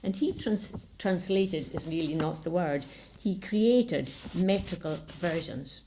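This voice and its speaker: A woman with a Scottish Highland accent giving an online academic talk over a video call, measured and explanatory, sometimes restarting a word. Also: dark tone, slight background noise. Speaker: lecturer.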